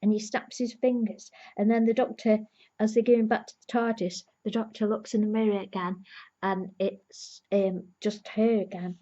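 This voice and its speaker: A woman's voice: mid-range voice, flat delivery, moderate pace, warm tone, highs cut off. A woman giving an earnest, emotionally invested casual review, recapping an episode's plot as a fan.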